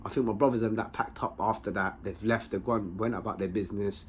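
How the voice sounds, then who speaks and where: A young man with a London accent telling a personal story in a slangy, animated way, full of tag questions. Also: lowish voice, fast, a little hiss or hum. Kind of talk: casual anecdote.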